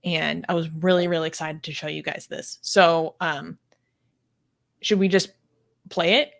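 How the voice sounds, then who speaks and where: A woman's voice: sits low, steady tone, a little slow, gravelly. A woman hosting a casual online chat, speaking in an earnest, heartfelt way with many filler words. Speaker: host, leader of an atheist community.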